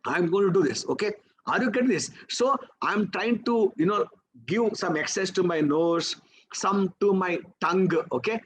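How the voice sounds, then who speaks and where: A man's voice: high voice, lively intonation, normal speed, slight background noise, low-quality recording. A man with an Indian English accent teaching memory techniques, asking the class rhetorical questions and checking in with "okay?" and "right?". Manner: coaxing, peppers talk with "okay?" and "right?". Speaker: memory trainer. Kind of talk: live teaching session.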